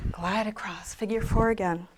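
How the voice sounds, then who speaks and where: A woman teaching a yoga class, giving calm, unhurried movement cues with soft asides, slightly out of breath. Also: fairly high pitch, very noisy. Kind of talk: guided yoga class instruction.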